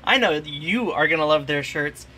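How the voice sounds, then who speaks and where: A man hosts a casual gear review vlog in a bright, slightly high voice. He rambles and cracks self-mocking jokes as he goes. Faint ambient noise sits behind him. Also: lively intonation, normal speed. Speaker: channel host.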